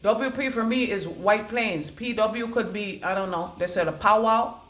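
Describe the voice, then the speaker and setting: Rambling psychic woman in an echoey room. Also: normal speed. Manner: rambling, repeats words in chanting bursts; swings between low murmurs and loud declarations. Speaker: psychic oracle card reader. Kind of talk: channelled oracle card reading.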